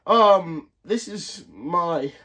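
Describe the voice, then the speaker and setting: A man's voice: sits high, animated, extremely slow, sharp tone, full character voice. A man voicing a goofy young male hero who chats rambling straight to the viewer in a homemade comedy movie. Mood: chatty. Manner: rambling, chatty.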